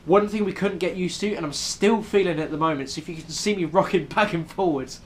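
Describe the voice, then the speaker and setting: With a high-pitched voice and a quick pace, a young man with a British accent chats and rambles in a travel vlog, full of ums. He's in a New York City hotel room, and there's a little hiss or hum.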